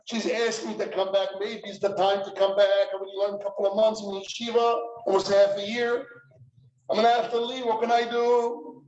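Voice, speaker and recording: A man's voice: sits high, level tone, brisk, a little mellow, slight background noise, close to an everyday voice. Anxious young student, hesitant, voiced by a male preacher; dull, roomy audio. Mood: torn. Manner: hesitant, asking. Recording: echoey room, dull sound.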